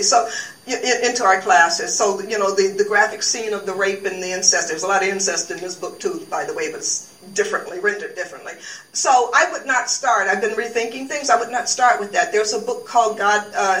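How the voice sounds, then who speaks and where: A woman who teaches at a university, giving a lecture and reading from a novel, with halting speech full of fillers and restarts. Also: medium pitch, a bit bright, slight background noise. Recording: echoey room, far from the mic.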